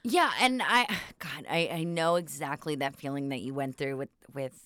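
Bright, animated young woman podcast host. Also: deep voice, moderate pace, no echo. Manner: animated storytelling, acts out quotes, swears casually. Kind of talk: casual chat.

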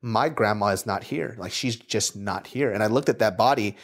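A man hosting a podcast in casual chat, an animated storyteller who swears freely and laughs through his stories. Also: fairly low pitch, moderate pace. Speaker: podcast host.

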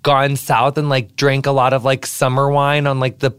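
A man's voice: medium pitch, monotone, moderate pace, a bit bright, smooth. A man hosting a podcast interview, talking in a gushing, chatty way and filling his speech with "like". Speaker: podcast host. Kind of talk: casual interview chat.

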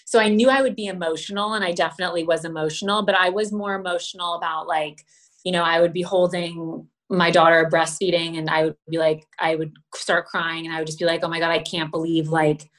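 Pregnant woman guest from LA, effusive and chatty, acts out quotes, slightly low register. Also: fairly even intonation, a little fast, fairly bright tone. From Los Angeles, USA. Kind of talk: casual chat.

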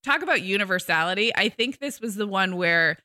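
Bright-voiced chatty woman podcaster. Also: mid-range voice, lively intonation, a little fast, no room sound, studio quality. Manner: chatty, quotes kids and parents in little acted lines. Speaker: podcast co-host. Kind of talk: casual chat.

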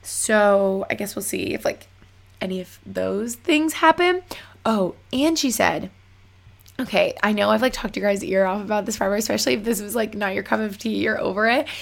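A woman's voice: medium pitch, moderate pace, creaky. A young woman telling a story casually to her viewers, chatty and full of fillers. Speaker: vlogger.

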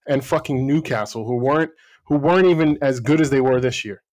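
A man's voice: mid-range voice, brisk, a little mellow. A man co-hosting a football podcast, blunt and sarcastic, swearing as he argues his team has choked. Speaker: podcast co-host, Arsenal fan. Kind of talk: heated casual football debate.

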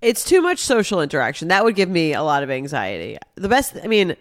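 A podcast co-host chatting casually, reflective and quick to tease. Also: mid-range voice, big pitch swings, no echo, clean studio sound.

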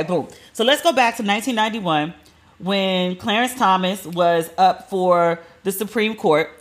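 Animated woman in her forties riffing. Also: mid-range voice. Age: 40s. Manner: animated, acts out quotes in different voices. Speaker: podcast host. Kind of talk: casual solo commentary.

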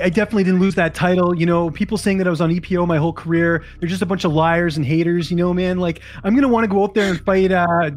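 A man's voice: high voice, lightly acted. A man impersonating a cocky brash fighter. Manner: loud, swaggering, filler-heavy, keeps saying man. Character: brash cocky male fighter, defiant boaster.

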